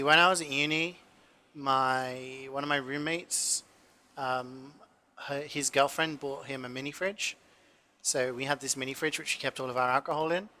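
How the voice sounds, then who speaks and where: A man's voice: medium pitch, bright, forceful tone. A man in his twenties, a cooking streamer, rambling through casual stories with lots of fillers and the odd swear in a home kitchen. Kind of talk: casual chat while cooking.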